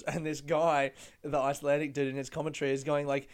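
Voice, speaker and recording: A man talks alone on his podcast, teary and breaking into laughter through his tears. His voice sits a little high and rings smooth and clear. He rambles loosely, swearing and getting carried away with excitement. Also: quick pace. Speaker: podcast host. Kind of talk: casual solo podcast chat.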